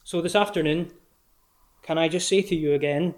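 With a darkish tone and fairly even intonation, an earnest man delivers a sermon at a steady, measured pace. His pitch sits slightly above most men's, and quoted verses come out more slowly.

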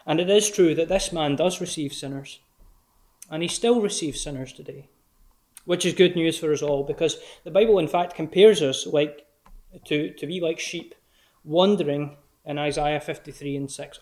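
A man preaching a sermon in an earnest, measured way, slowing down when he quotes scripture. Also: on the high side, a little mellow.

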